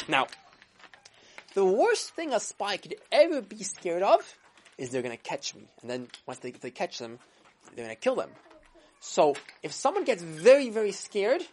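A woman storyteller narrates for children with a dramatic delivery, acting out gasps and voices. Her voice sits low for a woman but moves widely in pitch. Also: a little mellow, husky. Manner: dramatic, with sound effects and voices. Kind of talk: animated storytelling.

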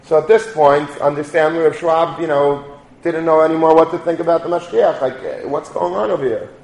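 A middle-aged rabbi tells a story with informal, lively delivery. His voice sits a bit high, and the room around him is echoey. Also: brisk. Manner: animated, informal storytelling with Yiddish and Hebrew terms. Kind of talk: storytelling talk. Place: lecture room.

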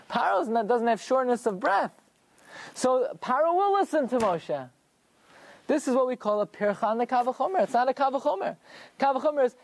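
Male Torah teacher with a lively, swooping delivery, leading a classroom lesson through question and answer. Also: very high voice, dry recording. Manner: explains through rhetorical questions and answers them himself.

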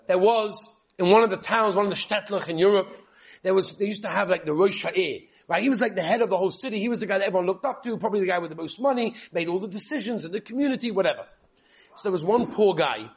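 A man giving a lively Torah lesson, telling stories and addressing his listeners directly. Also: high voice, creaky, breathy edge. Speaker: Torah teacher.

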